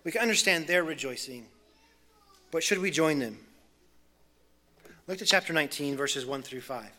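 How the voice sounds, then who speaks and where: Bright-voiced earnest male preacher. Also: fairly high pitch, expressive, moderate pace. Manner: earnest, builds intensity in lists, then drops soft. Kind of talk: expository sermon.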